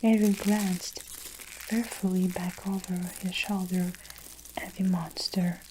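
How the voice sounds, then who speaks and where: Slow whispering woman reading a story. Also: lowish voice, flat delivery, slight background noise, poor audio. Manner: soft whispered reading aloud. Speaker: ASMR storyteller. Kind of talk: whispered role-play. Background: faint soap crushing and crinkling.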